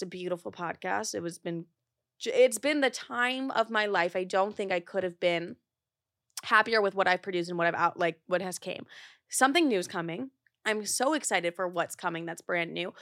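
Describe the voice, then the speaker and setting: A young woman in her twenties talks straight to her listeners as a podcast host, candid and chatty, dropping casual swears. Her voice sits at an ordinary middle pitch. The studio sound is close and dry, with no room echo. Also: fairly bright tone. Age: 20s. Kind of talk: casual chat.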